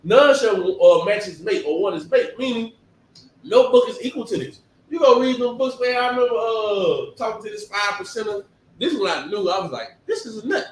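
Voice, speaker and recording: A man giving a conversational sermon, talking in an animated, emphatic way and firing off rhetorical questions. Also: high-pitched, normal speed, a little hiss or hum. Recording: echoey room, distant mic.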